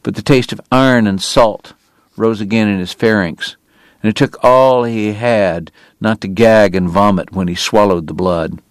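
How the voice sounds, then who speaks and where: Male audiobook narrator, measured, lowish voice. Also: no echo. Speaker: audiobook reader. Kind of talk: scripted narration.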